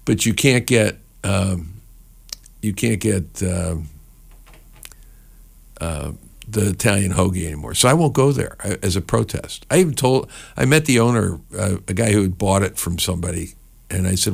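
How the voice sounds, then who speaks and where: A man's voice: deep voice, normal speed, vocal fry, slightly rough. A middle-aged man from New Jersey hosting a radio show, chatting casually and rambling between songs with many fillers. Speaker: radio host.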